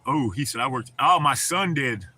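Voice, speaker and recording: This man hosts a livestream, cursing freely and laughing a lot as he talks casually with viewers in a relaxed manner. He speaks at normal speed in a mid-range voice that is expressive, bright, and forceful.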